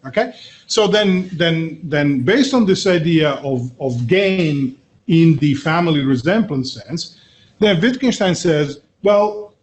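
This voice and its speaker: Lecturing man, slightly high voice. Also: expressive, slow pace. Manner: frequent "okay?" and "right?" checks, many filler uhs. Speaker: university lecturer. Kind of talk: classroom lecture.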